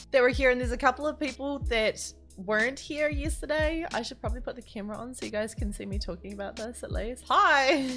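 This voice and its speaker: A woman live-streaming from home, chatting warmly and casually with her viewers, greeting them by name and laughing often. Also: medium pitch.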